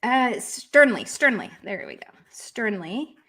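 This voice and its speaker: An American woman who speaks English natively, teaching a live-streamed language lesson. Her voice sits a little high, and her delivery is loose and chatty, full of ums and likes as she thinks aloud. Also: very animated, slow pace, pushed and bright, husky. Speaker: Russian teacher.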